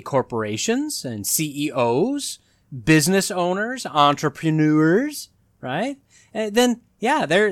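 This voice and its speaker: A man's voice: fairly high pitch, no room sound, studio quality. A man hosting a solo commentary podcast, talking with sarcastic, mocking asides. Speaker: podcast host.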